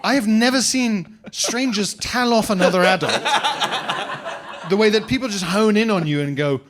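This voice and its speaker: A man's voice: sits high, moderate pace, a crowd in the background. A man, a comedian co-hosting a live podcast, teasing his co-host in dry, wry banter. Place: small comedy venue with live audience. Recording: live audience clearly heard.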